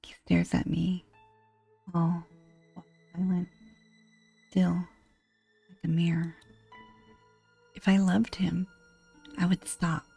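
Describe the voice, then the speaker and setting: A woman giving a whispered horror game narration, hushed and anguished, over faint music. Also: lowish voice, little pitch movement, takes it slowly, gravelly, long pauses, husky. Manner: hushed, anguished first-person storytelling.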